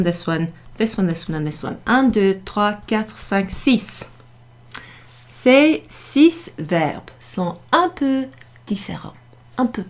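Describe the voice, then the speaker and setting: A woman teaching a beginners' French class, explaining patiently step by step and repeating her examples. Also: mid-range voice. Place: pub function room, classroom class.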